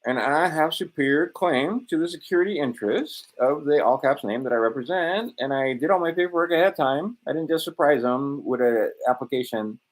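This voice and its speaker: A man's voice: on the high side, animated, brisk, few pauses. A man in a rambling, self-assured monologue, swearing often and drifting between points. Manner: profane, digressive, self-assured.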